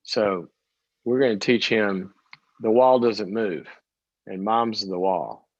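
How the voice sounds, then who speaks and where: A man's voice: on the low side, takes it slowly, dry recording, dull audio. A man hosting a call-in advice show, coaching a caller in a direct way and acting out parents and kids in short bursts. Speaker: call-in show host, psychologist.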